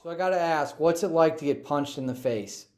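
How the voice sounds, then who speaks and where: Friendly interviewer with a slightly high voice. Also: male voice, brisk, darkish tone. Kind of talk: casual interview questions.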